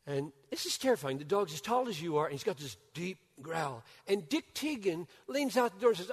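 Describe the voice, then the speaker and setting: A man's voice: sits high, sing-song, fairly quick, few pauses, husky. Older man preaching in an echoing hall. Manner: swings from loud urgent bursts to hushed near-whispers. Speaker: pastor. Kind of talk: sermon. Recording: long hall reverb.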